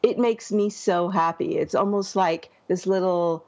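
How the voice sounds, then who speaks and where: Husky-voiced sick woman podcast host. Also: fairly low pitch, steady tone, darkish tone, lo-fi sound. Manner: laughs often, quick and chatty. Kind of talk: casual podcast chat.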